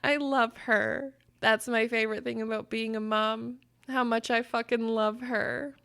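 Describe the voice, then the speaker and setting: Bright-voiced woman podcast host. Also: a little high, measured pace, smooth. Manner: animated storytelling, breaks into loud laughter. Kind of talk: casual podcast chat.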